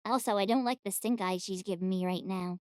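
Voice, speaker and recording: A woman's voice: medium pitch, brisk, clean tone, dry recording, studio quality. A woman giving casual reaction commentary, giggly and apologetic. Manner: giggly and apologetic, often breaking into laughter. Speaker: YouTube reactor.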